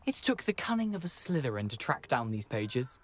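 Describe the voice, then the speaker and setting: A man's voice: mid-range voice, sing-song, brisk, natural voice. An actor voicing a wry, self-mocking male ghost of a former student in a video game. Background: game music.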